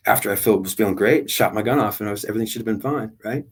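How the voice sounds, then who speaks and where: An older man recounts a personal experience in a deep, husky voice. His telling is rambling and repetitive, and he is frank and profane as he circles back over what happened. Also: racing. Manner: repetitive, blunt and profane, retelling a past experience with strong feeling. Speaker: speaker recounting his own spiritual experience.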